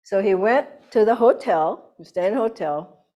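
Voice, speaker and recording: An older woman giving an inspirational satsang talk as a spiritual teacher, telling anecdotes in a lively way and laughing often. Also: mid-range voice, moderate pace, dull audio.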